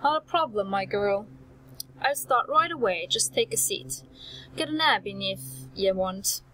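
A woman voicing a gruff but friendly old male dwarf smith who talks in a folksy, homely way. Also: medium pitch, expressive, measured pace, pushed and bright, low-quality recording. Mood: hospitable.

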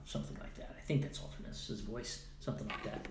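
A man's voice: lowish voice, quick pace, gravelly. A man hosting a casual live stream, chatting playfully and muttering to himself as he works. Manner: chatty, mutters to himself while editing audio; playful, jumps between loud bursts and quiet asides. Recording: roomy echo with faint noise.

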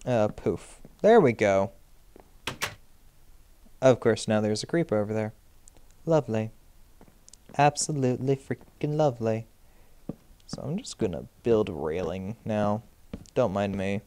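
Young guy narrating his game, slow-ish talker, super jumpy and self-mocking, voice all over the place. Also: on the low side, lively intonation, mellow, a little hiss or hum. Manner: jittery and self-mocking, yelps and pleads at monsters. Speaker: Minecraft let's player. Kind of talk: game commentary.

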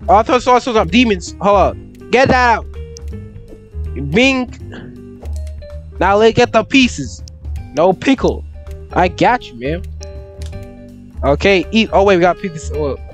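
Young dude doing a horror let's play, super high voice, slangy, faint music behind. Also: male voice, measured pace, long pauses. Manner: excitable slangy chatter, jumpy yelps. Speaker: gaming YouTuber.

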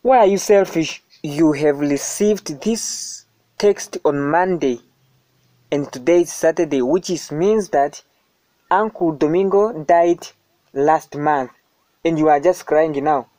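A man's voice: a little high, slow, mellow, dry recording. A man performing a comedy skit, accusing someone and demanding again and again why.

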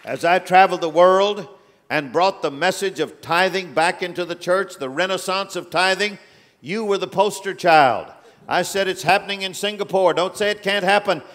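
A guest preacher delivers a sermon in a large church auditorium, alternating between loud, drawn-out declarations and quiet, low rebukes. The big hall gives the recording a long reverb.

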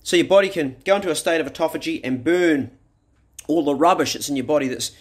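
A blunt, emphatic man talks straight to camera in a casual vlog. His voice sits a little higher than most men's, and he punches his points with the odd swear word. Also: fast talker, slightly rough. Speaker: vlogger. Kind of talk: casual opinionated talk to camera. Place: outdoors in a garden, then indoors.

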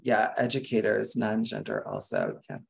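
Lively, chatty webinar presenter. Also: normal speed, vocal fry. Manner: lively, chatty, prone to restarts and fillers; acts out quoted people with big pitch jumps. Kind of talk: interactive online workshop talk. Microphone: video call.

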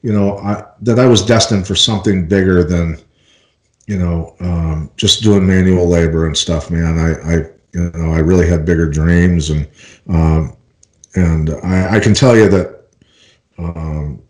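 A middle-aged man from Iowa, a former fighter and interview guest, telling his story in a relaxed, rambling way with many fillers and restarts. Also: deep voice, unhurried, reverberant, rough recording. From Iowa, United States.

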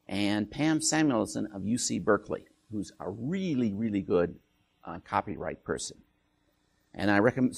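A man lecturing with a low, husky, gravelly voice. He jokes as he goes and restarts his sentences often. His pitch rises and falls in a lively way. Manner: joking, with frequent restarts and tag questions. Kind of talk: academic talk.

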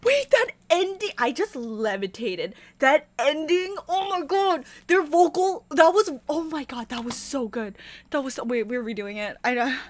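Very high-pitched gushing woman. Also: expressive, normal speed. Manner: gushing, squealing, breathless exclamations. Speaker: YouTuber reacting to a music video. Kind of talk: excited reaction commentary. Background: faint pop music playing.

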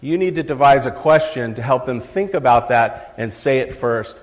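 A man's voice: medium pitch, animated, moderate pace. A middle-aged man giving a live talk on parenting to an audience, chatty and joking with the crowd. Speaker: psychologist speaking at a parenting event. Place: large hall, live event. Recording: long hall reverb.

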